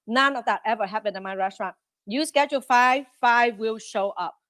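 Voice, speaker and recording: A woman running a restaurant, a guest on a podcast interview, talking in an animated way and often acting out quick quotes. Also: on the high side, no echo. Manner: animated, quotes herself and staff in lively asides.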